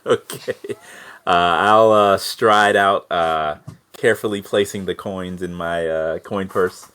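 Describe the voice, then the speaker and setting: Man, tabletop player, very low voice, slow. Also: a bit bright, clean tone. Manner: slow, hesitant, many fillers. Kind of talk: tabletop role-play.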